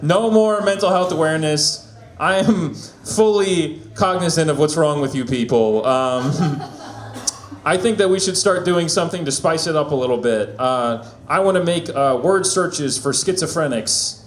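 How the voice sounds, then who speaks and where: A man doing stand-up at an open mic with a fairly high voice. He delivers his jokes deadpan, with lots of hesitant ums and little laughs. The room is echoey. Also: moderate pace. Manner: awkward deadpan with nervous fillers and laughs. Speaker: stand-up comic. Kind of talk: stand-up set. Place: small venue open mic.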